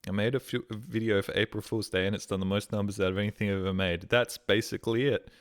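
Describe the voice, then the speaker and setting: A man's voice: on the low side, fairly even intonation, fast talker, clean tone. A young adult Australian man streaming on a headset mic, chatting casually in a rambling way and swearing freely. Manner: rambling, swears casually, mimics voices in quotes.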